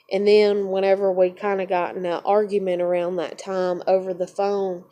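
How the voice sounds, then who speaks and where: A woman's voice: fairly low pitch, mellow. A young woman venting in a personal vlog, cursing freely and telling a painful family story in a raw, emotional way. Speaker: vlogger.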